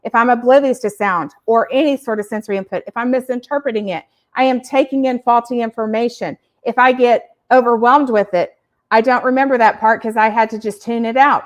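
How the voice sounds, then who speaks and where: A woman hosts a podcast for parents and explains each point with energy and emphasis. Her voice sits slightly high, and she sometimes acts out short examples. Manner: animated, emphatic, uses acted examples. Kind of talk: educational explaining.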